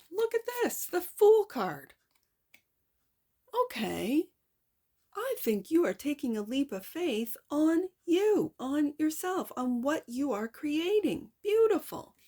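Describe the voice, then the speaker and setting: Tarot reader, woman, slightly high voice, playful and exclamatory, sometimes going hushed. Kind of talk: tarot reading.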